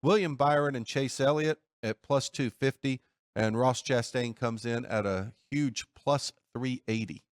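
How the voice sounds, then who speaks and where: A man hosts a sports betting talk show from a studio, laying out the odds in a steady, methodical way. His voice sits at a medium pitch and is recorded dry and close, with no room sound. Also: unhurried, no echo. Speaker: host.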